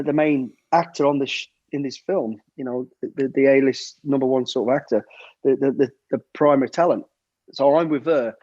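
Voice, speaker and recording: This middle-aged British man, a former soldier and bodyguard, tells anecdotes as a guest on a podcast in a mid-range voice. He's lively, stumbles over repeated words, and acts out people's lines. The recording is lo-fi with no echo.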